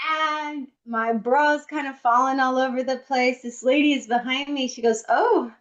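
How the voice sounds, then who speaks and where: Higher-voiced woman telling a comic story. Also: dull audio. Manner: comic storytelling, acting out her own inner thoughts. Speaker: podcast co-host. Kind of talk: casual chat. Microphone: computer microphone on a video call.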